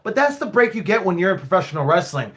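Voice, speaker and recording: Rambling wrestling coach, slightly high voice. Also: male voice, big pitch swings, quick pace, a bit bright. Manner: rambling, repeats himself, swears casually. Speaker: wrestling school owner and head coach. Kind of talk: casual live-stream Q&A.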